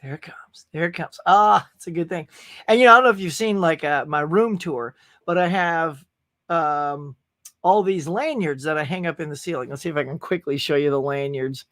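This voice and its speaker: A man's voice: fairly high pitch, moderate pace, fairly bright tone. A middle-aged man hosting a casual live stream, chatty and upbeat as he reads out viewers' comments. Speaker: host.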